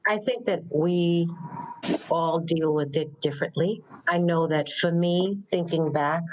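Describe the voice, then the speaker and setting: Low-voiced woman telling personal stories. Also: measured pace, a little mellow, slight background noise, low-quality recording. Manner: reflective, storytelling, repeats words for emphasis. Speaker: podcast co-host. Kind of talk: casual podcast conversation.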